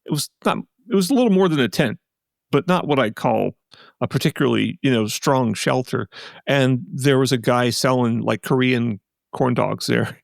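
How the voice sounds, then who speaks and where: A man's voice: mid-range voice, normal speed, vocal fry, no echo, studio quality. A man co-hosting a podcast, chatting casually and rambling with many restarts and asides. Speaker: podcast co-host. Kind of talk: casual chat.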